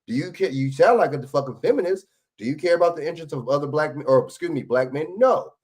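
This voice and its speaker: A man's voice: a little high, animated, fast talker, a little mellow. A man hosting a livestream, arguing back at clips in blunt, profane casual commentary. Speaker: livestream host reacting to clips.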